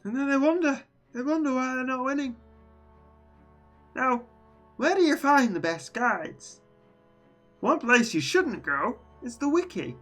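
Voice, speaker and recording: A streamer putting on the high, squeaky, stammering voice of a whiny, flustered video maker. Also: animated, measured pace, pauses often, a bit bright, faint music behind.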